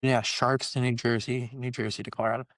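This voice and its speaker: A man's voice: medium pitch, little pitch movement, fairly quick, fairly bright tone, no room sound. A young man co-hosting a podcast, chatting casually about hockey and telling stories loosely, full of fillers. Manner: loose, filler-heavy storytelling. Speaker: podcast co-host. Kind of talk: casual sports chat.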